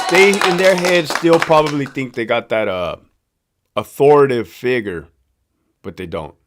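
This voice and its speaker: This livestream host, a man from Southern California with a local accent who used to be a prison guard, fields viewer questions casually, telling loose stories full of slang and profanity. His voice is fairly high-pitched with a fairly bright tone.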